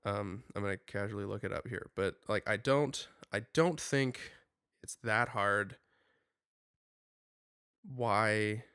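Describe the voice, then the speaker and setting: A young man co-hosting a podcast in casual chat, rambling and animated with lots of filler words. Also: fairly low pitch, slow, pauses often, clean tone, dry recording, studio quality. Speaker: podcast co-host.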